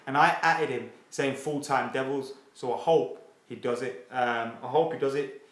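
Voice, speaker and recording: A man hosting a casual football fan live stream, excitable and sweary as he reads viewer comments aloud. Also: medium pitch, normal speed. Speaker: football fan channel host. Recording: roomy echo.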